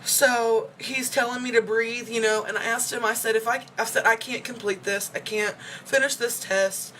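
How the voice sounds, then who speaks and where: During a casual personal check-in video, an upset young woman vlogger rambles emotionally, using many fillers. Her voice is on the high side, steady, bright and forceful, at a moderate pace over slight background noise.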